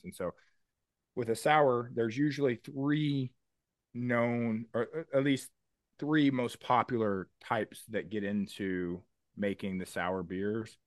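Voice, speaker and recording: In clean studio sound with no room echo, a man with a voice on the low side co-hosts a podcast in casual conversation. He explains things in detail with lots of enthusiasm, swearing casually along the way.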